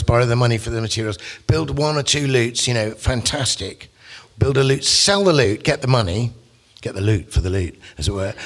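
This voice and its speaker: A man's voice: mid-range voice, fairly bright tone. A man, a poet and musician, giving a casual, rambling talk full of asides. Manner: chatty and rambling, with frequent asides and restarts. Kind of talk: casual lecture and poetry talk.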